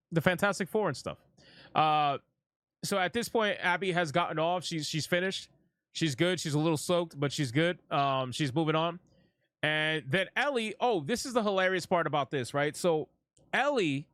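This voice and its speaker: A man's voice: a little high, a bit bright, no room sound, studio quality. A man giving casual, profane reaction commentary on a show, blunt and mocking, rambling with restarts. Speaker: gaming commentator.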